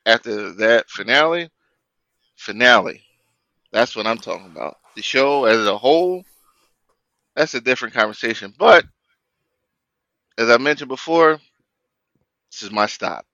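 Bright-voiced man on a dull dry mic. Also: medium pitch, animated, no echo. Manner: halting, repeats words, firm critic. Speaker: podcast co-host. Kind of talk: casual debate chat.

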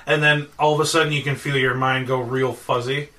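Bright-voiced man running a tabletop game. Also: mid-range voice, little pitch movement, brisk, a little hiss or hum. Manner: loose, hesitant, full of "kinda, like". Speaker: game master.

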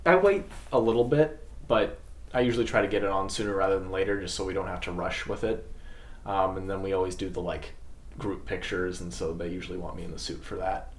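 A man's voice: deep voice, fast talker, echoey room. A man chatting casually in an interview, telling anecdotes and acting out other people's voices. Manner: animated storyteller, acts out voices of others. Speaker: parade troll performer.

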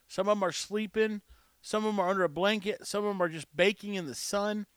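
High-voiced man telling a rambling story. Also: steady tone, brisk, fairly bright tone, smooth, no echo, studio quality. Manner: rambling, wry and self-mocking. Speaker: show host. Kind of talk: casual storytelling monologue.

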